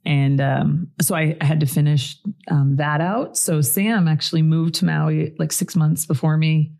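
Woman, forties, podcast guest, low gravelly voice, mellow tone, relaxed storytelling. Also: measured pace. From Colorado, USA. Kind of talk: casual storytelling chat.

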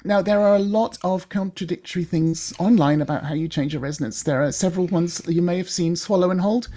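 A woman's voice: fairly low pitch, brisk, dark tone. A woman, working as a voice coach, explaining in a chatty way and demonstrating sounds.

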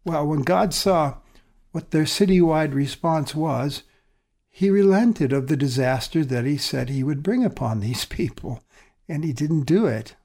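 A male pastor preaching a sermon earnestly, moving between loud emphasis and soft, quiet phrases. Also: a little high, lively intonation, measured pace.

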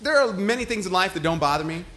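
A man's voice: high-pitched, expressive, fast talker, bright, forceful tone. A man hosting a podcast, telling a story in a casual, heated, profane way, full of "like". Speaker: podcast host.

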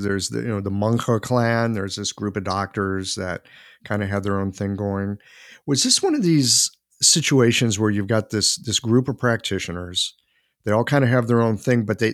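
Host: man, lowish voice, inquisitive follow-ups, close dry sound. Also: dry recording. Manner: curious, probing follow-up questions. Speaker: interviewer. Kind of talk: casual interview questions.

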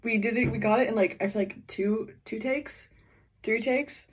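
Husky-voiced young woman teasing. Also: a little high, steady tone, normal speed. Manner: giggly, teasing storyteller. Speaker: voice actor in cast Q&A. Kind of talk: casual chat.

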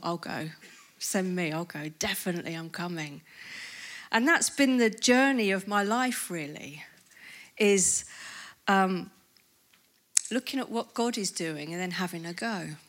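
Woman telling a lively faith story. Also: medium pitch. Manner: lively storytelling with laughs and acted-out quotes. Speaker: conference speaker. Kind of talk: testimony talk at a conference.

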